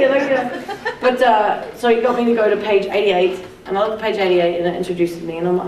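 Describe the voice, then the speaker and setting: A woman's voice: lowish voice, fairly quick, a little hiss or hum. Laughing New Zealand woman, echoey hall. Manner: lively, swears freely, laughs often while telling. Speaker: guest speaker at a film screening. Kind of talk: animated storytelling to a live audience. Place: cinema auditorium. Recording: echoey cinema taped from far off.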